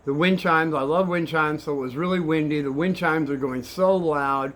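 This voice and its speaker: An older man telling kids a story in a rambling, animated way, swinging between hushed and excited. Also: a little high, normal speed.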